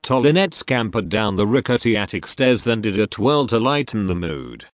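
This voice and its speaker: A man reading a melodramatic mystery story aloud in a deadpan way. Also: fairly low pitch, moderate pace, no echo, clean studio sound. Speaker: narrator.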